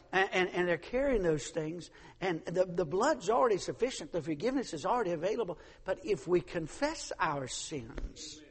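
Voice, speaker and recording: A man preaching a sermon as pastor, swinging from hushed, pleading lines to loud, fervent calls. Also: high-pitched, slightly rough. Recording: long hall reverb.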